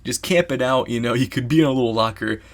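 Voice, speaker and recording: A man telling a story in a casual vlog, rambling and excitable, packing his talk with "you know" asides. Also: medium pitch, fast talker.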